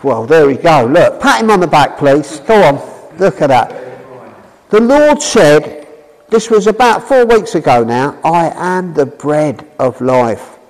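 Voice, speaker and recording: A man preaching in a chatty, questioning way, his voice high and swinging up and down. He talks at an unhurried pace. His words carry a long reverb, as if he were in a big hall. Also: sing-song. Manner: chatty, asks the audience questions. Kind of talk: informal sermon to a congregation.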